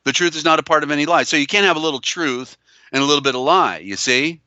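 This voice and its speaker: A man's voice: a little high, quick pace, pushed and bright, dry recording, dull audio. A man hosting a live call-in show. He talks emphatically and repeats himself, with many fillers and restarts. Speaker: host. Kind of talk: live call-in show, reading viewer comments.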